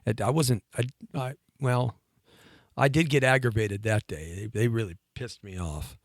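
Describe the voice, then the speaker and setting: A man in his fifties telling a long personal story on a talk show, lively and chatty, laughing between lines and often restarting his sentences. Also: on the low side, normal speed, no echo, studio quality. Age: 50s.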